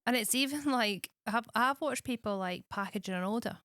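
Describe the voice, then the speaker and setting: A woman's voice: on the high side, moderate pace, fairly bright tone, dry recording, studio quality. A woman coaching on social media, interviewing a podcast host in a casual, earnest way with lots of fillers. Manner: earnest, searching questions with many fillers.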